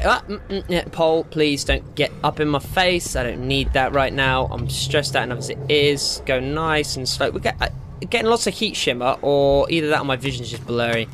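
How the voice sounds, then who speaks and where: A man's voice: mid-range voice, moderate pace, noisy background. A young man giving rambling, jokey gameplay commentary, talking to himself as he plays. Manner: rambling, jokey self-talk. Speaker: gaming channel host.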